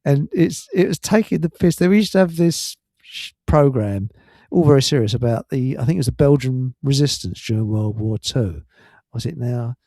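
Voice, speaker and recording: A man's voice: medium pitch, lively intonation, normal speed, mellow, dry recording, clean studio sound. A man hosting a casual chat show, telling stories in a chatty way and now and then slipping into silly put-on voices. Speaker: show host.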